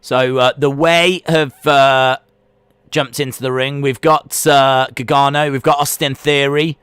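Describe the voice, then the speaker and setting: A man hosting a live wrestling watch-along stream. He calls the action with excitement, then answers chat questions in a relaxed, rambling way. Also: medium pitch, measured pace, smooth, no room sound. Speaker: live-stream reaction host.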